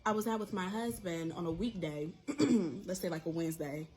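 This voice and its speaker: A woman's voice: fairly low pitch, normal speed. A woman ranting bluntly and with swearing about coworkers in a casual monologue. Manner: blunt, profane, sassy. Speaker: commentator. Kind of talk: casual rant.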